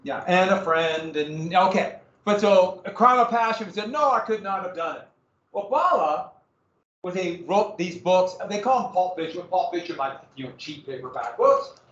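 A man's voice: high-pitched, lively intonation, moderate pace, fairly bright tone. A man giving a casual, jokey slide presentation to a small group, chatty and given to tangents. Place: room with a small audience. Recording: roomy, distant, slightly dull.

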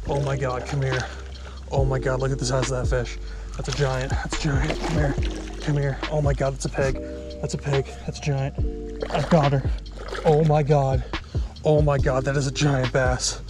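A man exclaims and repeats himself while landing a fish at a small pond, his voice shaky with excitement. He is recorded outdoors on a camera mic, with clear music playing behind him. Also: medium pitch. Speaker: fishing vlogger. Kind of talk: excited outdoor fishing vlog.

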